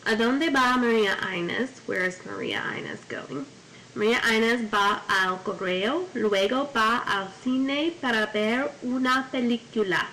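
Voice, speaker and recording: Lady teacher going over spanish vocab, crisp bright voice, bit of noise behind. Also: fairly high pitch, animated, moderate pace, low-quality recording. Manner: reads Spanish then gives English, with memory tips. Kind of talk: classroom vocabulary lesson. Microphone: corded mic.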